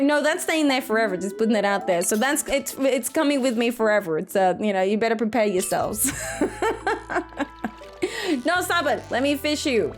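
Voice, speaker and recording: A woman streamer chatting casually with her viewers, playful and jokey, giggling at her own jokes. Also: sits high. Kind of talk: casual live-stream chat.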